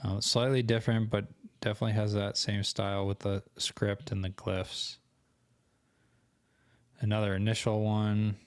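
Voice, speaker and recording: A young man talks through a tutorial on his screen, thinking aloud and catching his own slips. His voice sits low, with little rise and fall, and is going a bit hoarse. The sound is dry and close to the mic. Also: level tone, moderate pace, no room sound. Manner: thinking aloud, casual, self-correcting. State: losing his voice. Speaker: co-host of an online selling channel. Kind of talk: screen-share tutorial walkthrough.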